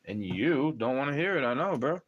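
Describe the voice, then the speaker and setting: A man's voice: mid-range voice, lively intonation, brisk, muffled recording, slight background noise. A young man ranting on a livestream, profane and agitated, talking straight at the listener.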